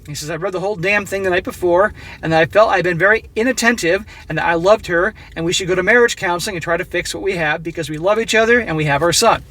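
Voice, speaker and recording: Man, high-pitched voice, blunt, opinionated, reads a story and comments on it. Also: quick pace, hardly any pauses, sharp tone. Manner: blunt, opinionated, addresses viewers directly. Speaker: relationship advice commentator. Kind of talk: reading a story aloud with commentary.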